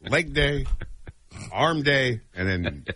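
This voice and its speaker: A man's voice: medium pitch, big pitch swings, takes it slowly, sharp tone, breathy edge, dry recording. A man co-hosting a radio talk show, joking and reading out odd facts in casual banter.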